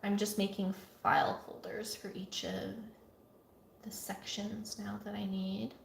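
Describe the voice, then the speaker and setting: A woman's voice: mid-range voice, a little slow, creaky, slight background noise. Chatty woman vlogging in an echoey studio. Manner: chatty, rambling, soft at times, yawning. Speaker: artist vlogger. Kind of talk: casual vlog talk. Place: home art studio.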